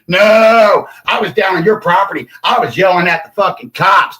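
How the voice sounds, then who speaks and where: An older man in an angry, profane livestream rant, confrontational and shouting at times. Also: high-pitched, moderate pace, husky.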